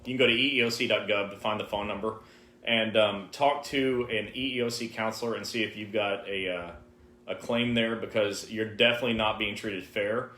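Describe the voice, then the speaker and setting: A man's voice: lowish voice, fairly even intonation, a little fast, bright, forceful tone, slight background noise. A man co-hosting a live-stream Q&A, giving direct, emphatic advice to viewers. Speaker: co-host answering viewer questions. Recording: roomy, echoey live stream.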